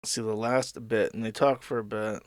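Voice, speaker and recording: A man's voice: on the low side, steady tone, normal speed, no room sound, clean studio sound. Crude sarcastic male streamer. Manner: sarcastic, crude asides between read-out messages. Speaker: streamer host. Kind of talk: live stream commentary reading messages aloud.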